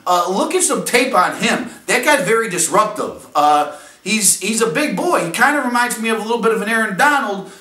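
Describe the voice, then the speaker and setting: A man hosts a casual fan podcast, jumping between jokes and asides with many fillers. His voice sits high and bright. He sounds a little off-mic in a roomy, echoing space. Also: brisk, far from the mic. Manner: animated and jokey, full of fillers and asides. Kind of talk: casual rambling commentary. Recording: echoey room, a little off-mic.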